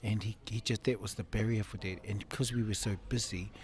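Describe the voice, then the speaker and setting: Low-voiced man in his fifties, laughing storyteller. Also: steady tone, a little fast, a little hiss or hum. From Samoan family. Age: 50s. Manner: emotional, laughs often, acts out voices in his stories. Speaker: interview guest. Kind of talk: candid personal storytelling.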